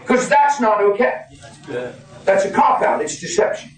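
A man in his fifties preaching a sermon, folksy and animated, laughing as he tells stories. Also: sits high, normal speed. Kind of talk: sermon with storytelling. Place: church hall. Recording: echoey hall from far off, crowd. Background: congregation.

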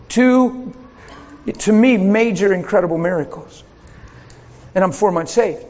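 A man preaching a sermon as a pastor, telling a story in an animated way with laughs along the way. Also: high-pitched, big-room sound, lo-fi sound.

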